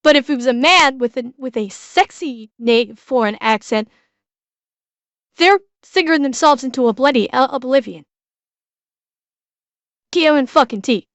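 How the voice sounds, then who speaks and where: A woman's voice: high-pitched, moderate pace, pauses often, no echo. A woman streamer reacting to a video, ranting bluntly with heavy swearing.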